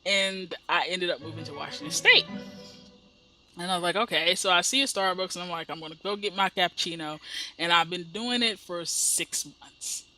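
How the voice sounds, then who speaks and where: A woman's voice: on the low side, normal speed, sharp tone, faint music behind, rough recording. A woman from the Midwest chatting in a rambling way while she narrates her life-sim gameplay, acting out the people in her stories. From American Midwest. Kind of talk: casual chat while playing a life-sim game.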